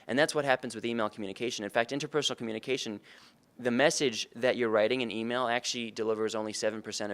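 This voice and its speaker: Conference speaker, male, low smooth voice, earnest and conversational. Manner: earnest, conversational, addresses audience with questions. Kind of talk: conference talk. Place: conference room.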